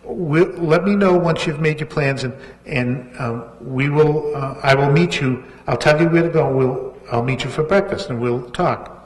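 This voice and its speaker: A man's voice: a little high, normal speed, pitched above the performer's own voice, natural voice. A man voicing a polite woman book editor on the phone, eager and sweet-toned, in a hall with long reverb.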